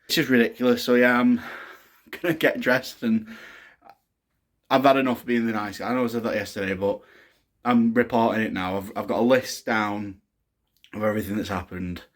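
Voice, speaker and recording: A man's voice: fairly low pitch, steady tone, normal speed, pauses often. A young man, a new dad, recording a casual video diary, sounding exhausted and frustrated as he vents. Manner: frustrated, venting about hospital care. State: exhausted, low on energy.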